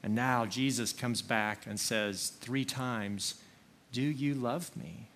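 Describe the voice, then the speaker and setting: A man preaching a sermon, slow and earnest, leaning on single words for emphasis. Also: medium pitch, fairly bright tone, slight background noise. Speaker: pastor.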